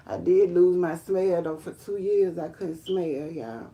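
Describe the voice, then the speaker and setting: A woman telling her life testimony on a live stream, rambling and emphatic, talking straight to viewers as y'all and breaking into high excited exclamations. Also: unhurried. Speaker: livestream host sharing her testimony.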